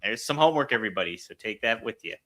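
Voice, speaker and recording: Bright, lively man co-hosting. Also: fairly low pitch, rapid-fire. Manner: upbeat, laughs often, encouraging. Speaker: podcast co-host. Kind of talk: casual podcast chat.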